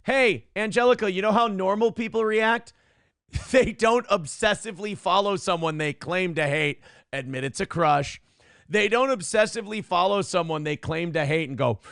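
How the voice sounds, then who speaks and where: A man's voice: high voice, normal speed, gravelly, fairly bright tone, clear, resonant tone, dry recording, clean studio sound. A man in his thirties hosting a live stream from home, reading chat aloud and mocking a commenter in profane banter.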